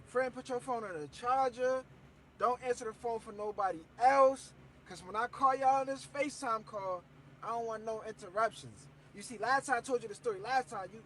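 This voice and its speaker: A man's voice: extremely high pitch, brisk, slight background noise, low-quality recording. A young man telling a story to camera in a casual, slangy way, acting out what people said. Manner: animated, slangy, acts out quoted voices.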